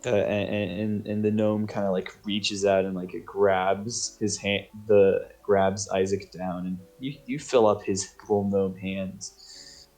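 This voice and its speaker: A man's voice: fairly low pitch, level tone, takes it slowly, a little mellow, faint music behind. A man narrating as game master on a tabletop game stream, casual and rambling, with many restarts. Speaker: dungeon master.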